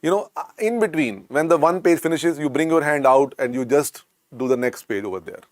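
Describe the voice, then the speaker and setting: A man's voice: on the high side, expressive, fairly quick, a little mellow, no echo, clean studio sound. A man with an Indian English accent teaching a medical exam class, repeating key points and coaxing his students with the word beta. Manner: repetitive, coaxing, keeps calling students "beta". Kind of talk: lecture.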